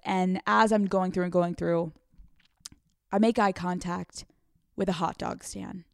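A young American woman telling a comedic story, profane and lively, acting out the people in it. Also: lowish voice, slow, creaky, long pauses, no room sound, studio quality. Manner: animated, profane, acts out quoted voices. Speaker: podcast host.

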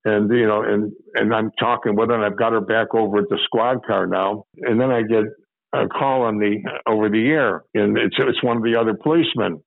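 In a storytelling interview, a former Chicago cop, now older, rambles through tales from his years on the force, circling back on phrases as he remembers. He talks fairly quickly in a lowish, creaky voice, heard through phone-quality sound.

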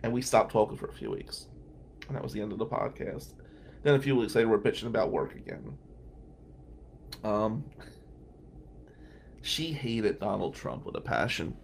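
A man's voice: fairly low pitch, animated, normal speed, gravelly, pauses often, slight background noise. A man from Atlantic City who is a criminal defense lawyer and podcast host, telling stories in a casual, rambling way and chuckling between remarks. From Atlantic City, New Jersey. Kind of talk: casual anecdotal storytelling.

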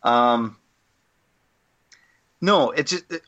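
A man's voice: medium pitch, extremely slow, sharp tone, lo-fi sound. Opinionated man ranting on a podcast. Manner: opinionated, ranting critique with many fillers. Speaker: podcast co-host. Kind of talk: casual podcast discussion.

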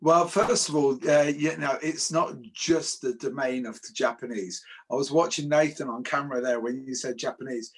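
English man co-hosting a podcast chat: husky voice, jokey and animated when telling stories. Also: mid-range voice, moderate pace, few pauses. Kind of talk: casual discussion.

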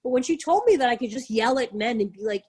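A woman's voice: fairly high pitch, quick pace, breathy edge. A woman telling stories in casual chat, giggling often and acting out other people's lines. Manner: giggly, animated storyteller. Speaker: podcast guest, influencer.

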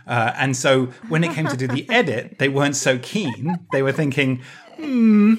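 A man co-hosting a podcast who tells stories in an animated way, laughing easily and restarting his phrases. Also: mid-range voice, normal speed. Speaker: podcast co-host. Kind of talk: casual podcast chat.

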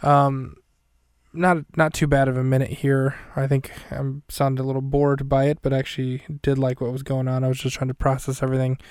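Smooth-voiced man casually recapping a movie. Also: mid-range voice, completely flat delivery, brisk, a little mellow, dry recording, clean studio sound. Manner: rambling, self-correcting, light and jokey. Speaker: podcast host recapping a film minute by minute. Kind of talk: casual chat.

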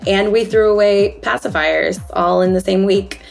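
A woman's voice: medium pitch, normal speed, gravelly, faint music behind. A young woman co-hosting a podcast from home, a little under the weather, chatting in an upbeat way and laughing easily. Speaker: podcast co-host. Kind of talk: casual chat. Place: at home, recording remotely.

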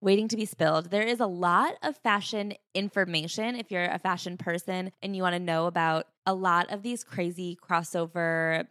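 A woman co-hosting a book podcast in casual chat, with wry quick asides. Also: on the low side, fairly even intonation, fairly bright tone, no room sound, clean studio sound. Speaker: podcast co-host.

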